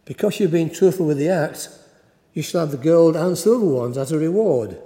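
A stern, booming divine voice, as a male preacher puts it on, asking pointed questions. The tone is mellow and slightly high, and it rings through a roomy, reverberant church. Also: animated, normal speed, natural voice.

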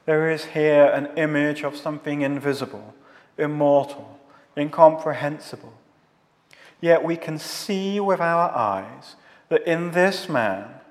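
A man preaches slowly and deliberately, his voice pitched a little high. He builds his points in long solemn rhetorical lists. The sound rings with the long reverb of a large hall. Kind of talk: scripted theological sermon.

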